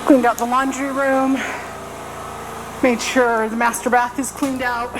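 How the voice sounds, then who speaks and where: A woman talks casually to the camera while working around a cabin, filling her sentences with "so" and "um". Her voice sits a little high. The camera audio is noisy. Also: little pitch movement, measured pace. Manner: chatty, lots of fillers and "so". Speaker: vlogger. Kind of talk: casual vlog narration. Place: snowy cabin, indoors and out.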